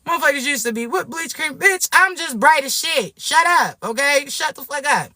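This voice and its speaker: Loud-mouthed lady venting to her phone, pitch jumping all over, no room echo. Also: moderate pace, clean studio sound. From Florida. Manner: brash, profane, animated storytelling. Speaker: vlogger. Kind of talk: casual rant to camera.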